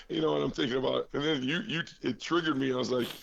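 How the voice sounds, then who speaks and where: A man coaching college basketball talks while out of breath, his voice deeply gravelly and full of fry. He rambles through fillers and restarts and cracks self-deprecating jokes. The sound is dull and lo-fi. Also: steady tone, brisk, few pauses. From Iowa, US. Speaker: head basketball coach, guest. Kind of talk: casual phone interview.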